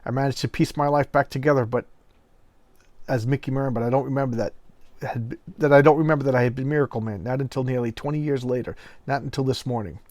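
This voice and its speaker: An earnest male superhero pieces together a past he had forgotten, telling it with quiet pain, as a man reads him aloud. The voice sits at an ordinary pitch. The sound is dry and close, with no room around it. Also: quick pace, no room sound, lightly acted. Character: earnest male superhero, regaining lost memories.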